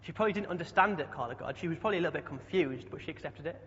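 A man's voice: on the high side, animated, very fast, a bit bright. A young man preaching a chatty sermon, often asking the congregation questions. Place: church hall. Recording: dull sound with long hall echo.

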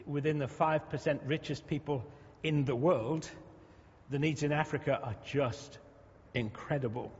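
Husky man preaching in a hall. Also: fairly high pitch, a little mellow. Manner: conversational, humorous asides to the congregation. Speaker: pastor. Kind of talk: sermon. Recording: dull lo-fi sound in a reverberant hall.

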